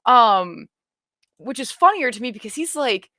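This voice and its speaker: A woman in casual chat, reacting to a show she is watching for the first time, rambling and excitable, with many restarts. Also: a little high, a little slow, no room sound, studio quality.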